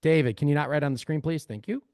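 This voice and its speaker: A man's voice: on the high side, quick pace, darkish tone, dry recording, studio quality. A man leading a live screen-share workshop, talking energetically and calling his audience family. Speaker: real estate AI trainer.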